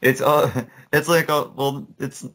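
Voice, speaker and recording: A man's voice: mid-range voice, fairly even intonation, takes it slowly, a bit bright. A young man co-hosting a casual gaming podcast, rambling and laughing often. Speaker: podcast co-host. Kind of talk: casual chat.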